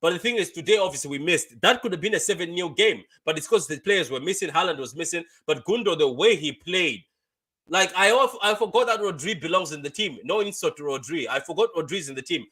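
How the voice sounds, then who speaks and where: A young man hosting a casual live football reaction stream, chatty and quick to laugh, reading viewer comments aloud and repeating his phrases. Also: on the high side, expressive, a bit bright, slightly rough. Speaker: fan channel host.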